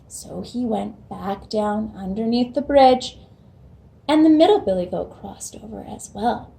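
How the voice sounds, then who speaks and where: Woman host, children's storytime reader, unhurried and a touch high. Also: creaky. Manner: slow, gentle storytelling.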